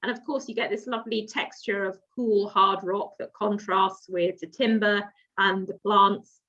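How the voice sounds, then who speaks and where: A woman's voice: mid-range voice, steady tone, normal speed, fairly bright tone. English woman on a slightly muffled line. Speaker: landscape architect. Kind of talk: online design presentation.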